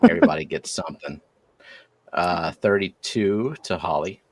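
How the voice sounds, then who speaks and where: A man with a lowish voice runs a casual auction stream. His delivery swings lively up and down as he calls out bids and jokes between numbers. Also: moderate pace, crowd noise. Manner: playful, jokey bid calling. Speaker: auctioneer host. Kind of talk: casual livestream auction calling.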